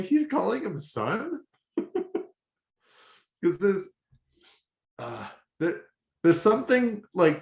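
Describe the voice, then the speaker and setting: A man co-hosting a casual podcast, laughing often and quoting cartoon lines. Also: fairly high pitch. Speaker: podcast co-host. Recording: roomy echo.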